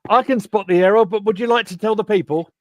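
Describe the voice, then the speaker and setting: A man hosting a casual football chat stream over a video call, chatty and excitable, with lots of stumbling restarts. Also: high voice, fast, dry recording, studio quality. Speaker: host. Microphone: home computer mic on a video call.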